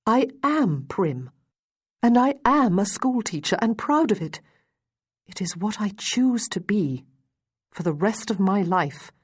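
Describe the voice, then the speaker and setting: A prim young schoolteacher, prickly and clipped in her indignation, voiced by a woman reading aloud. Her voice sits on the low side. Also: animated, moderate pace, a little mellow, husky, no echo, studio quality. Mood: indignant.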